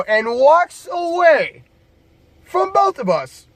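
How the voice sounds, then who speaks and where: A man's voice: on the high side, animated, normal speed, fairly bright tone, no echo. A man casually telling bar stories to camera as a bouncer, laid-back, profane and jokey.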